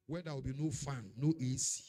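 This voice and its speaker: A man preaching a sermon, swinging between loud declarations and hushed warnings. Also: medium pitch, steady tone, a little fast. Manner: dramatic, swings from shouting to hushed. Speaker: pastor.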